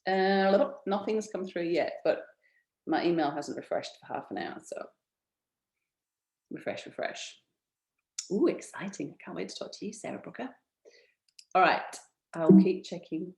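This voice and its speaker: A woman hosting a live online info session, giving a chatty, upbeat sales pitch and laughing often as she talks straight to her viewers. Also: darkish tone, reverberant.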